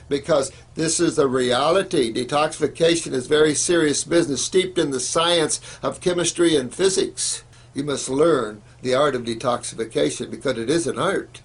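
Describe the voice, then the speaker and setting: A man speaks in a gravelly, husky voice that sits a little high for a man. He lectures informally on health, pressing his points with emphasis and repeating himself often, with plenty of fillers. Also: moderate pace. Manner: emphatic, repetitive, lots of fillers. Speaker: health educator.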